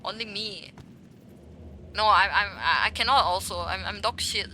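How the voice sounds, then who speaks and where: While streaming a game, a woman with a mid-range, pushed and bright voice chats with her viewers at a moderate pace. She's playful and teasing, talking back to chat in a casual way, with a little hiss or hum in the audio.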